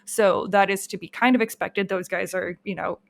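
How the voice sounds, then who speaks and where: A woman co-hosting a casual podcast, talking in a relaxed, earnest way with small hesitations. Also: mid-range voice, moderate pace, creaky. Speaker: podcast co-host. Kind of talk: casual chat.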